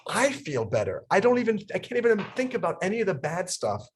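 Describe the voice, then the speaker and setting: A man's voice: high-pitched, fast talker, a little hiss or hum. A young adult man from New York leads laughter yoga on a video call. He talks with bubbling energy, laughs through his sentences and chants ha-ha to get people going. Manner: animated, laughs through his words, bursts into loud ha-ha chanting. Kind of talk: energetic instructional talk.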